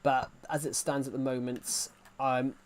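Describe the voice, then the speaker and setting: A man's voice: mid-range voice, little pitch movement, measured pace, slight background noise. Chatty young English man streaming. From England. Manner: rambling, chatty, many restarts and fillers. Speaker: gaming streamer. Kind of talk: casual live-stream chat.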